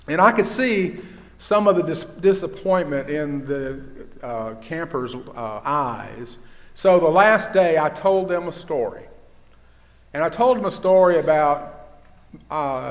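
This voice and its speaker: An older man preaches in a church, relating stories in a storyteller's sermon style. His voice sits fairly high for a man, and he goes quiet and low when quoting others. The sound rings with the long reverb of a big sanctuary. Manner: storytelling, with hushed quoted dialogue. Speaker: pastor.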